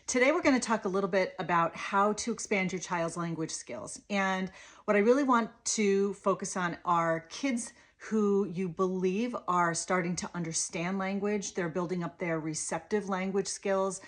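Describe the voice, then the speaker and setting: A woman's voice: medium pitch, moderate pace. Woman coaching parents on toddler talk. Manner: sing-song, animated demo voice for toddlers. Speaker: speech-language pathologist. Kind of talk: parent coaching lesson with toy demo.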